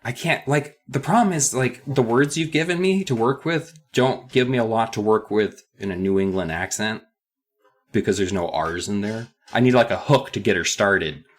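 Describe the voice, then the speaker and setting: A man's voice: on the low side, moderate pace. A man co-hosting a podcast, recapping a book in casual chat full of profane jokes and asides. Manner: joking, profane, rambling asides. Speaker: podcast co-host.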